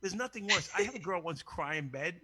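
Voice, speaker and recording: A man hosting a crude, casual call-in show, brash and profane and quick to laugh. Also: high-pitched, animated, pushed and bright, slightly rough. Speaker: host.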